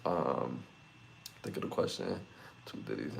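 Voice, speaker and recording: A man's voice: extremely low pitch, expressive, a little slow, gravelly. A young man from New hosting a live podcast, chatting loosely and laughing a lot as he reads comments. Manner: laughs often, loose slangy banter. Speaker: podcast host. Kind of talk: casual live-stream chat reading comments.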